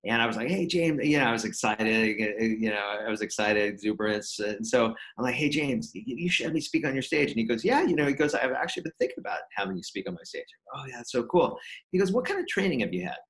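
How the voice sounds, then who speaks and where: A man, a podcast guest, telling a story in a casual interview and acting out the quoted dialogue with lively energy. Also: mid-range voice, quick pace, low-quality recording.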